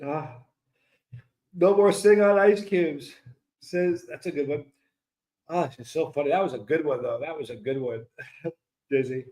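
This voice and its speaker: A man with a high, light voice chats through a live stream, reading viewer comments aloud. He breaks into laughter again and again and sounds delighted by the jokes. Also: a little slow, long pauses, dark tone. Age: 50s. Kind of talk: casual live-stream chat.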